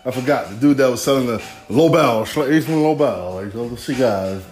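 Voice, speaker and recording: A man's voice: mid-range voice, moderate pace, darkish tone, reverberant, faint music behind. A man in his forties hosting a podcast, rambling through a profane, streetwise solo monologue. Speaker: podcast host.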